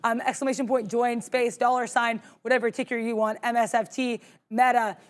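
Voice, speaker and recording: A woman's voice: on the high side, little pitch movement, brisk. A woman co-hosting a live trading show, chatty and self-deprecating as she talks through her trades.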